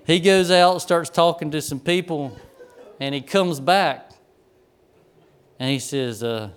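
A man preaches in a storytelling way, folksy and self-deprecating, often laughing at himself. His voice sits a little high for a man and comes through smooth and resonant. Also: slow, pauses often. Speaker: pastor. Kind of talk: storytelling sermon.

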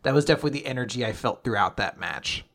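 A man's voice: mid-range voice, lively intonation, racing, a bit bright. A man co-hosting a podcast in casual chat, joking, laughing often and swearing freely. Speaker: podcast co-host.

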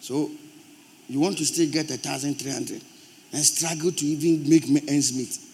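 A man with a Ghanaian accent preaching a sermon in church, forceful and emphatic, rising to loud outbursts. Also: a little high, fairly even intonation, moderate pace, slight background noise. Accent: Ghanaian English. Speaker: pastor.

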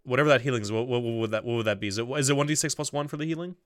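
A man running a tabletop game as game master, relaxed and hesitant, explaining rules and narrating. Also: mid-range voice, very fast, clear, resonant tone, no room sound, clean studio sound. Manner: relaxed, lots of ums and restarts, explains rules.

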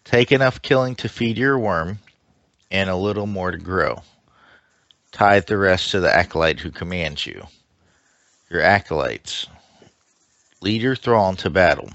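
A man's voice: low voice, a bit bright, dry recording, heavily acted. A man voicing a ruthless male alien king who lays down harsh law in a commanding, declaiming way. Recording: dull lo-fi mic with faint hiss.

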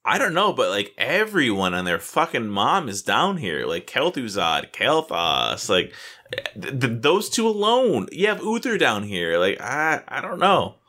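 A man co-hosting a casual gaming podcast, excitable and swearing freely. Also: mid-range voice, measured pace, few pauses. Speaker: podcast co-host.

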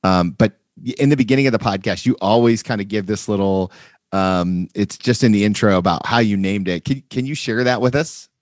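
Guy with a lowish voice hosting a christian podcast, friendly, kinda halting, dry close mic. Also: dry recording. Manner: friendly, halting with fillers and restarts. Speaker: podcast host. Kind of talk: casual faith podcast interview.

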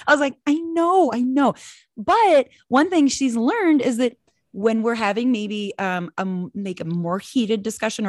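Casting: expressive woman in her forties, mid-pitched, dry close-mic podcast sound, lively storyteller. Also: no echo. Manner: animated, expressive storyteller acting out quotes. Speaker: podcast co-host. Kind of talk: casual faith podcast chat.

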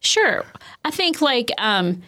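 A woman's voice: fairly high pitch, big pitch swings, slow pace, bright, forceful tone. A woman counselor explaining communication skills in a conversational way, with frequent "um" and "you know". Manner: conversational, filler-heavy, with lots of "um" and "you know". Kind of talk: explanatory interview talk.

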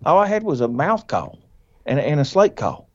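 A man's voice: fairly high pitch, moderate pace. Folksy storytelling man, dull lo-fi sound. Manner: animated, folksy, laughs often, quotes himself and others. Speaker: podcast guest. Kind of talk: casual storytelling.

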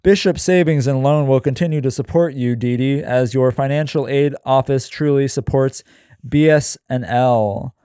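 A man's voice: medium pitch, normal speed, warm tone, smooth, no room sound, clean studio sound, close to an everyday voice. A man voicing a smug, greedy woman banker as he reads a screenplay aloud.

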